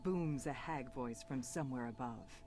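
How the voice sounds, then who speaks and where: A game narrator giving scripted narration in a measured storybook manner. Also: mid-range voice, loud music behind the voice, lightly acted.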